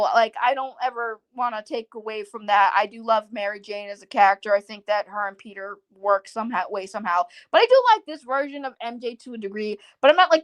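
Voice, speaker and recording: Young woman gushing through a movie review, high voice, slangy and swears a lot. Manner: excitable, slangy, swears freely. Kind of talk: casual spoiler review to camera.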